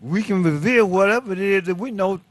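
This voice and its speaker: A man on a talk-show set who tells stories in a folksy, laid-back way and leans hard on his key points. His voice sits fairly high, and the sound is dry and close. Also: fairly quick, dry recording. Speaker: show guest, educator. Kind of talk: casual studio talk.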